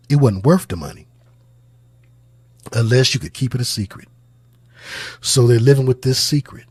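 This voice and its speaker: A man giving spoken religious commentary on song lyrics, talking in a deliberate, musing, sermon-like way and circling back to repeat his points. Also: on the low side, darkish tone, slightly rough, no room sound. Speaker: channel host, religious music commentator.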